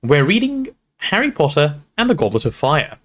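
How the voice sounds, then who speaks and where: A man reading a storybook aloud to a livestream audience in an expressive, relaxed storytelling manner. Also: fairly high pitch, normal speed. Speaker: streamer reading aloud to chat.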